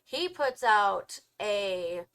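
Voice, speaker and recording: Animated woman retelling a film plot. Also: medium pitch. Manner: animated storytelling, acting out characters in quick quotes. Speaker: co-host reviewing a film. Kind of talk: casual film review chat.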